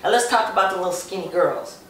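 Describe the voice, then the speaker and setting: A talkative woman hosting a casual talk show, steering the chat with questions and quick okays. She sits back from the microphone in a very echoey room. A faint hum runs underneath. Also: fairly low pitch, far from the mic. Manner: chatty, leading questions with frequent okays. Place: Las Vegas.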